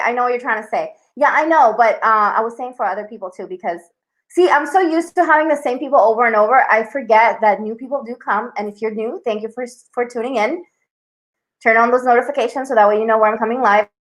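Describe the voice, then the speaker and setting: A woman's voice: fairly high pitch, fairly bright tone, low-quality recording. A young woman hosting a live tarot stream, chatting casually with viewers in a bubbly, scattered way and saying "y'all" a lot.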